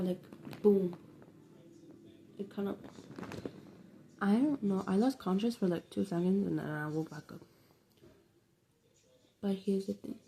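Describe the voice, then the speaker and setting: Gravelly, dark-voiced young New woman. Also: mid-range voice, a little hiss or hum. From New York City. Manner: rambling, slangy, profane storytelling. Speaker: vlogger. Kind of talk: casual storytime vlog.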